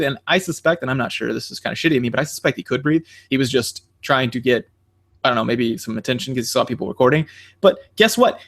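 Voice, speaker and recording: Man co-hosting a casual podcast, brisk, rambling and animated. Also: mid-range voice. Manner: rambling, many fillers and restarts; animated, jumps into quoting others. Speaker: podcast co-host. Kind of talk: casual chat.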